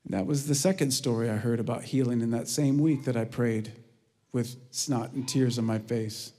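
A man preaching a sermon, telling stories with energy and dropping to a hushed, prayerful tone. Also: moderate pace. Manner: earnest, lively storytelling with hushed prayerful lows. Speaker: pastor. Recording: long reverb of a large hall.

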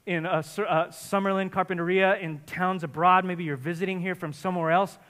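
A man preaching a sermon as pastor, speaking emphatically and often rising to forceful exhortation. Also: high-pitched, steady tone, fairly quick. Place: church in Santa Barbara area.

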